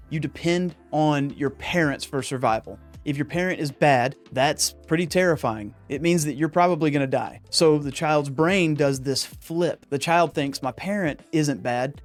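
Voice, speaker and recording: A man hosting a podcast, delivering an earnest monologue on psychology with an emphatic, preacher-like delivery. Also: a little high. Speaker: podcast host.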